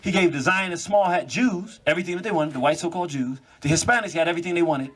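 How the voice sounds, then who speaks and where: A man giving an animated monologue, quick in bursts and laughing as he talks. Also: on the high side.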